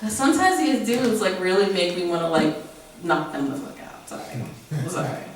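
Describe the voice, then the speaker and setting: A woman's voice: lowish voice, normal speed, a little hiss or hum. Blunt woman telling stories at an open mic. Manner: candid and blunt, with bursts of laughter and sharp mock dialogue. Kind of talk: spoken word and storytelling at an open mic. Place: venue room at an open mic. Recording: very echoey room, mic at a distance.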